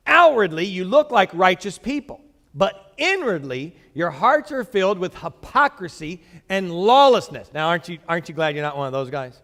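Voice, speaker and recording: A man's voice: high voice, very animated, moderate pace, a bit bright, in a large hall. A pastor preaching a sermon to his church, joking along the way and reading scripture aloud with strong emphasis. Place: church sanctuary.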